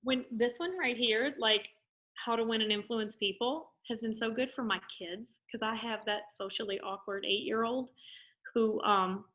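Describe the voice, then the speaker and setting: Woman guest, Louisiana Southern accent, animated, casual chat, slightly high voice. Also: normal speed, lo-fi sound. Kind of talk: casual live video chat.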